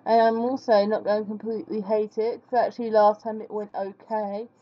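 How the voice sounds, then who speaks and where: A woman's voice: medium pitch, little pitch movement, a little fast. Chatty woman narrating her drawing, lo-fi. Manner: chatty and self-deprecating, hums while working. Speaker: vlogger drawing on screen. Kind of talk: casual commentary while drawing. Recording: dull lo-fi recording.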